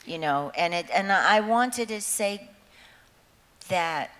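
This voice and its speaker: A woman's voice: medium pitch, animated, slow, a bit bright. A woman in her seventies telling rambling stories to a concert audience. She laughs often and swears freely. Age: 70s. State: nervous before going on. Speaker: singer addressing a concert audience. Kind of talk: rambling onstage storytelling. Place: large concert hall with an audience. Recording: echoey hall with faint hiss.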